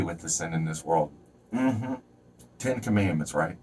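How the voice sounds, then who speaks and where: A low-pitched male vlogger gives a rambling, preachy motivational rant to camera at a moderate pace, his voice animated with a breathy edge and a distant mic. He swears, jumps between topics, and shouts and stretches words when fired up.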